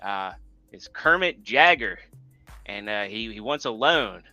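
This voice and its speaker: A man's voice: lowish voice, lively intonation, a little slow, bright, forceful tone, soft background music, heavily acted. A man voicing a puzzled female bank teller in a joke, hesitant and bemused.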